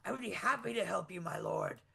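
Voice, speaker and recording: A man's voice: high-pitched, fairly quick, vocal fry, sharp tone, husky, exaggerated voice. A man voicing a skinny, fawning peasant rope maker who stammers eagerly.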